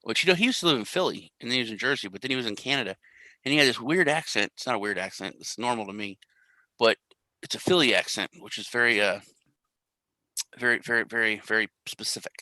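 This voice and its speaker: A man's voice: mid-range voice, fast talker, sharp tone, no room sound, low-quality recording. A young man hosting a casual crypto live stream, rambling and joking at his own expense. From US Central Time Zone. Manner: rambling, jokey, self-deprecating. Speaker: crypto show host.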